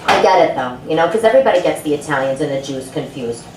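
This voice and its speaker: A woman's voice: expressive, quick pace, a little mellow, a little hiss or hum. A woman with a New York accent doing a punchy, brash stand-up set in a comedy club. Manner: brash, punchy delivery with big pitch swings. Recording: echoey club room, mic heard from a distance.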